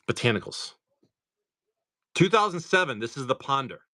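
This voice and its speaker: A man hosting a live stream, chatting casually and excitedly to viewers as he opens card packs. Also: mid-range voice.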